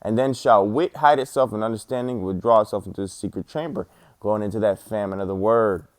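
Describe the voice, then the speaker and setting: A man's voice: on the low side, a little fast, a little mellow, no echo, studio quality. A man giving a casual spoken religious testimony, rambling and slangy, with lots of fillers and the odd swear word.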